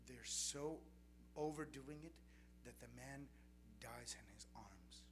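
A man's voice: mid-range voice, slow pace. A young adult man preaching a sermon, telling testimonies in an earnest storytelling way. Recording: noisy recording with steady background noise.

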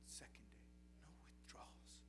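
Earnest young male preacher, noisy recording. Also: moderate pace. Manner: earnest storytelling testimony. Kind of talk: sermon. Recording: noisy recording with steady background noise.

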